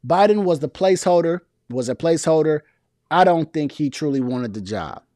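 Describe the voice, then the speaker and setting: A man riffs through casual political commentary, reading viewer comments aloud and answering them. His voice sits a little high for a man, and he talks loosely with slang, repeating words and restarting sentences. The sound is close and dry. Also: lively intonation, normal speed, dark tone, no room sound.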